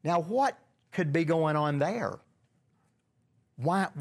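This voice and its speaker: A man's voice: on the high side, expressive, takes it slowly, darkish tone. Male Bible study leader, conversational, questions the group, frequent restarts. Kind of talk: casual Bible study discussion.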